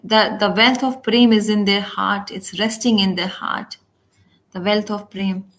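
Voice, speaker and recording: A woman's voice: mid-range voice, fairly even intonation, measured pace, fairly bright tone. Woman giving a storytelling devotional class. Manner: storytelling, acts out quoted speech; frequent restarts and self-corrections. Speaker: spiritual teacher.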